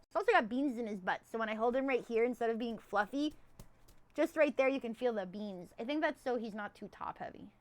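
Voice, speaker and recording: A young woman with a high-pitched, squeaky voice, chatting casually and rambling on a live stream, swinging between loud and hushed. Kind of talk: casual chat.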